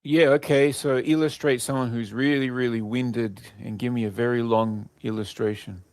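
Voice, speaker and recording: Insistent man giving halting instructions. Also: mid-range voice, fairly even intonation, a little mellow, no room sound. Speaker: user testing the assistant. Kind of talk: casual instructions.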